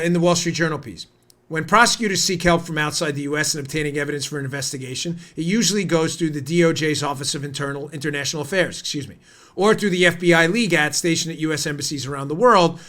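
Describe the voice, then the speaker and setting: An American man in his forties hosting a political commentary podcast, heated and indignant, his voice climbing toward near-shouting. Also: a little high, fast talker. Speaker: podcast host.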